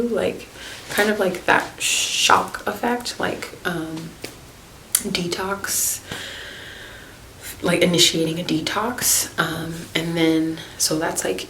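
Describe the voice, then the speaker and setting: A young woman with a slightly low voice chats through a story, full of "like" and "um" and quick laughs. She sounds like she is in a roomy space, with a faint hiss under the recording. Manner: chatty, filler-heavy, laughs often. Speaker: naturopathic podcast host. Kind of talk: casual storytelling monologue.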